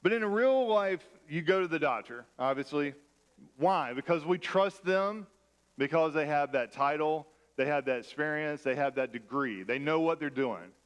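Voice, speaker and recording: A man's voice: on the high side, lively intonation, moderate pace, clean tone. A man preaching a sermon in a church, conversational and self-deprecating as he mixes personal stories with scripture. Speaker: pastor.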